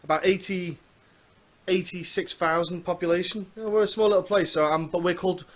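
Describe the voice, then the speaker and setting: A man's voice: high voice, steady tone, fairly quick. A man from the Isle of Man with a Manx accent, hosting a podcast interview in a chatty, rambling, self-deprecating way. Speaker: podcast host. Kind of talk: casual interview chat.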